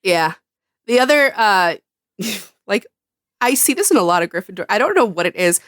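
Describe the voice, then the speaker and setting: A woman's voice: medium pitch, animated, moderate pace, a bit bright, dry recording, clean studio sound. Blunt, swearing woman podcaster. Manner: blunt, swears freely, emphatic. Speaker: podcast co-host. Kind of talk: casual chat.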